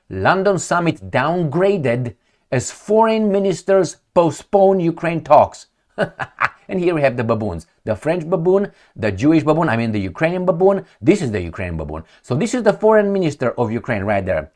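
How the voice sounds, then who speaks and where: A man's voice: mid-range voice, very animated, moderate pace, darkish tone. Guy ranting over news headlines, sarcastic, voice jumps all over the place. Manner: mocking and emphatic, repeats words for effect. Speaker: political commentator. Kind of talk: opinionated commentary, reading headlines aloud.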